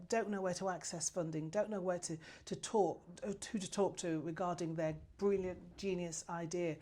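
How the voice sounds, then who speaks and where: Passionate woman with a low voice. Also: mellow. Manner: passionate, effusive, frequent restarts. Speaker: guest, new business chamber president. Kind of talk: interview answers.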